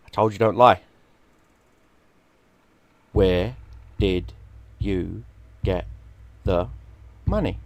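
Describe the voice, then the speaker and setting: On the low side and free of any room sound, a middle-aged man's voice carries a casual story. He streams from London, England, gets animated, swears without holding back and acts out what people told him.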